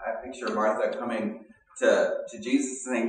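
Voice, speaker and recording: A man giving an earnest, conversational sermon with pauses and fillers, as a pastor. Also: mid-range voice, steady tone. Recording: echoey room, mic at a distance.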